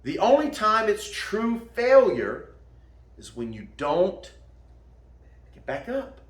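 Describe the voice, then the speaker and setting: A man teaching martial arts gives a casual motivational talk, laughing at his own jokes. His voice sits high and swings widely in pitch. The room around him echoes. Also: takes it slowly. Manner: animated, folksy, laughs at own jokes, calls listener "man".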